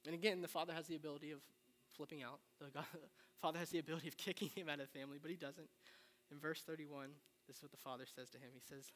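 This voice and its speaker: A man preaching a sermon, retelling the story in a casual, animated way with slang. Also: fairly high pitch, quick pace. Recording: long reverb of a large hall.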